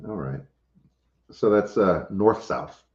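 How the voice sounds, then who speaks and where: On a casual livestream, a homestead channel host reads viewer comments and jokes in an easygoing manner. He speaks slowly, with a voice on the low side and lively intonation. The audio comes across as dull, roomy lo-fi.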